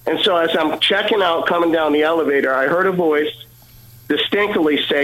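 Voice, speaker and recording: A man giving an earnest personal testimony as a guest, halting and repeating words as he goes. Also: a little high, a bit bright, low-quality recording.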